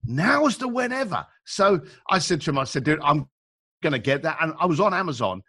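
A man with a fairly high voice and a bright, forceful edge. He talks as a guest in a relaxed chat, chatty and animated, slipping into the voices of the people he quotes and using plenty of informal slang. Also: brisk. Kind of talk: casual storytelling.

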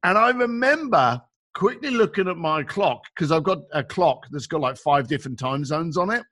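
A man telling stories as a guest in casual conversation, chatty and animated, acting out the people he quotes and using informal slang. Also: fairly high pitch, brisk. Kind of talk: casual storytelling.

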